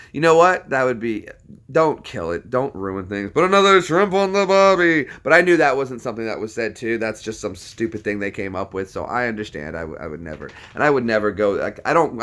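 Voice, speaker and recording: A man's voice: lowish voice, a bit bright. An American man in casual, upbeat chat, teasing and joking with strangers online. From United States. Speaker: vlogger chatting with strangers online.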